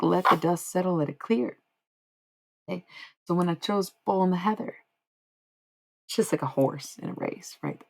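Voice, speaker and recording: A woman with a low, husky voice full of gravelly fry chats loosely on her livestream. She rambles, swears casually and lets her sentences trail off into "blah, blah" filler. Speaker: livestream host.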